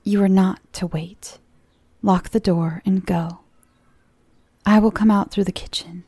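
A woman's voice: medium pitch, steady tone, measured pace, warm tone, breathy edge, no room sound. Woman reading as an imperious young woman. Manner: imperious, commanding.

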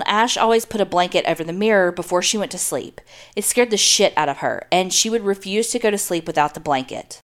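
Woman podcast host, blunt and jokey. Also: mid-range voice. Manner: blunt and jokey, swears casually. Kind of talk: reading a listener's story aloud, then casual chat.

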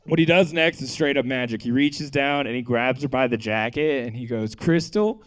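Man, stand-up comic, handheld stage mic, laughs through punchlines, deadpan asides, comedy club stage. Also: medium pitch, brisk. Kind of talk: stand-up set and banter.

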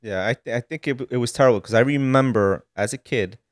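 A man from Sicily, a podcast guest, telling animated stories in casual studio chat. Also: medium pitch, fast talker, dry recording. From Sicily, Italy. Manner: animated storytelling, rising to indignant emphasis.

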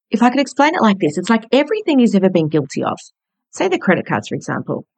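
Woman, 30s, podcast host; low-ish voice, candid and gentle storyteller, dry booth sound. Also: dry recording, rough recording.

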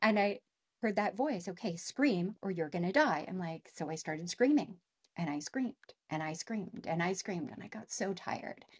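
Woman, middle-aged, from Canada, interview guest, emotional storytelling, animated, acts out voices, many fillers. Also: fairly low pitch, normal speed, breathy edge.

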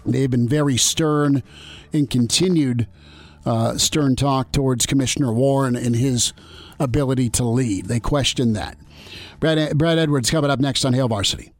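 A man's voice: medium pitch, normal speed, no echo. A man hosting sports talk radio, casual and joking, with many fillers. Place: radio studio.

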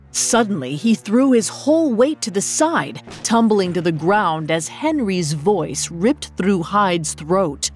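A woman narrating a gothic story in a dramatic, expressive scripted style. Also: lowish voice, takes it slowly, few pauses, slightly rough, faint music behind.

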